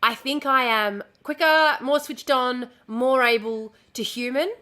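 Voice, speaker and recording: Unhurried yet pushed and bright, this high-pitched woman streams casually. She shows the dress she's sewing, rambles and loses focus easily, and swears freely.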